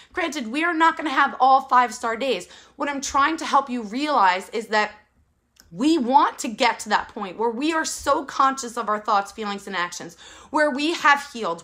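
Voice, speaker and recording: A woman's voice: high-pitched, bright, forceful tone. A woman in her thirties giving an urgent, emphatic motivational talk to parents, repeating her key phrases. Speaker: parenting coach.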